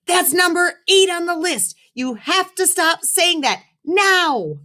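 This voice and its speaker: A woman voicing a nervous fourth-grade boy who answers politely in a high voice. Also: lively intonation, slow, pushed and bright, exaggerated voice.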